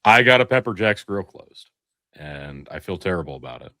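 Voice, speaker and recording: A man with a Midwestern accent chats on a podcast in a lower register, his tone bright and pushing forward. He tells animated stories with casual swearing. The sound is close and dry, with no room around it. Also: moderate pace, no echo. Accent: Midwestern American. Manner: animated storyteller, swears freely. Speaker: podcast co-host. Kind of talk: casual chat.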